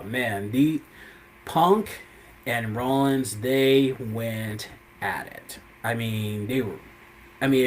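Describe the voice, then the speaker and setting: A man's voice: mid-range voice, poor audio. A man with an ordinary mid-range voice talks in a loose, rambling recap and keeps stringing thoughts together with fillers. A faint ambient hum sits behind him. He sounds like a host chatting live to his viewers. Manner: rambling, lots of "you know" and "I mean" fillers. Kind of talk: casual wrestling recap.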